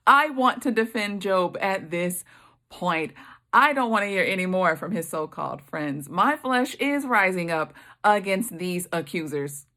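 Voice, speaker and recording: A woman teaching a Bible study, reading scripture aloud and commenting with emphatic, expressive reactions. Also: medium pitch, moderate pace.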